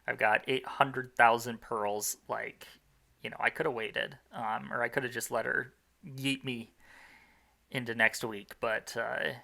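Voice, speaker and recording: A young man talks through his own game run in loose, self-mocking commentary, restarting his sentences and filling gaps with "uh" and "like". His voice has a gravelly fry to it, with a bright, edgy tone on top. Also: medium pitch, fairly even intonation, unhurried. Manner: rambling, self-mocking, with many fillers and restarts. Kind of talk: casual gameplay commentary.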